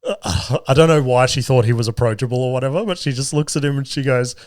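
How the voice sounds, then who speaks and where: A man's voice: medium pitch, fast talker, a little mellow, no echo. Australian guy in his thirties hosting a podcast, loose and sweary, chuckling through his stories, dry studio mic. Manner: sweary, laughs often while telling stories. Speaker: podcast host. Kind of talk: casual storytelling chat.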